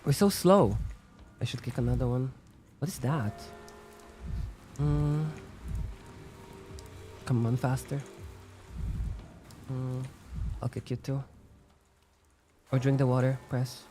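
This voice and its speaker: A man's voice: mid-range voice, slow pace, pauses often, music in the background. A man giving casual gameplay commentary, thinking aloud and musing with lots of "like" fillers. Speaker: let's-play gamer.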